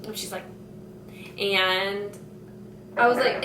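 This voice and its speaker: A young vlogger tells a casual story from her school years in an unhurried, mid-range voice with a sharp tone and fairly even intonation, leaning heavily on "like" and "you know." The room at home, near a kitchen, is echoey, the mic distant, with slight background noise.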